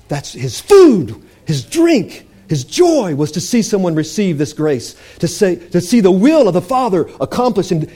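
A male preacher giving a fervent sermon, repeating phrases and building to shouts. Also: high voice.

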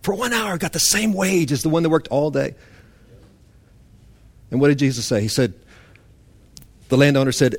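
Male pastor in a church, fairly high register, passionate sermon delivery with dramatic volume drops. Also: expressive, brisk. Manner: impassioned, swings between loud emphasis and hushed intensity; mock-indignant voice for a legalist's complaint. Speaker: preacher.

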